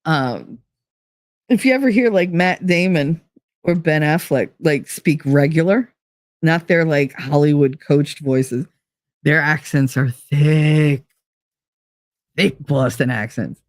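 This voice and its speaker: A woman's voice: low voice, slow, pauses often, darkish tone, dry recording, clean studio sound. A woman hosting a livestream talk show, chatting casually and reading viewer comments, blunt, swearing freely and laughing easily.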